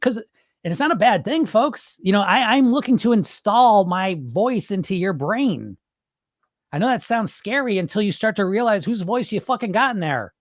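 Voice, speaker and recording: A man's voice: high voice, animated, moderate pace, no room sound, clean studio sound. Blunt, casual man talking straight to listeners. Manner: blunt, swearing, conversational. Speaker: weight loss hypnotist and podcast host. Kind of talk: casual live-stream talk.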